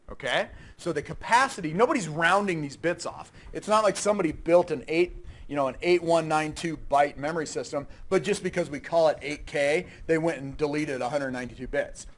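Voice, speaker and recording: A man teaching a class in a lecture room with a fairly high voice. He keeps a lively, chatty pace, checking in constantly and quizzing the room as he explains. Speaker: university lecturer.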